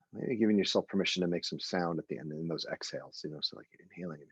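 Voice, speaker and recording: A man leading a guided meditation, talking gently and unhurriedly and repeating soothing phrases. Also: deep voice, slightly rough, dry recording. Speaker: meditation teacher.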